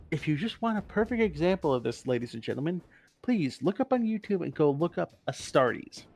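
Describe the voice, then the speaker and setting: A man's voice: fairly high pitch, vocal fry. A man co-hosting a casual podcast, explaining game lore in a rambling, profane way and correcting himself as he goes.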